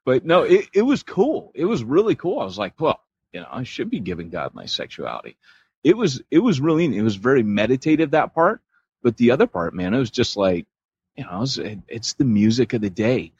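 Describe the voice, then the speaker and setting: A man's voice: mid-range voice, big pitch swings, fairly quick, darkish tone, breathy edge, highs cut off. A man from Europe co-hosting a podcast, chatting casually and rambling with lots of fillers. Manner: rambling, loose, full of fillers. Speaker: podcast co-host. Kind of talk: casual chat.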